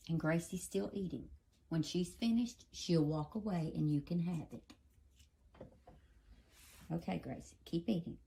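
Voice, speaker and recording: A woman's voice: on the low side, creaky, warm tone, a little hiss or hum. A woman talking to her dogs in a coaxing, scolding, sing-song way. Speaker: pet owner filming her dogs. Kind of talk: casual talk to dogs.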